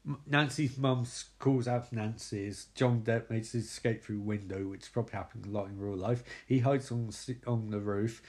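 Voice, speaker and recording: A man's voice: lowish voice, fairly even intonation, moderate pace, hardly any pauses, darkish tone. Crude sarcastic man. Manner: crude, sarcastic, laughing asides. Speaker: film recapper. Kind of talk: comedic movie recap.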